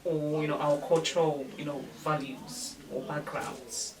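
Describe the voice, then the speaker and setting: Low-voiced woman interviewer, distant mic. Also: fairly even intonation, unhurried. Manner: hesitant questions with fillers. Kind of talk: interview questions. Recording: distant mic with crowd noise.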